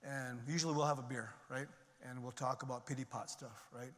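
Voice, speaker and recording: A man's voice: mid-range voice, steady tone, fairly quick. A middle-aged man giving a personal testimony talk, conversational with many fillers and restarts. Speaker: speaker sharing his recovery story. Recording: long reverb of a large hall.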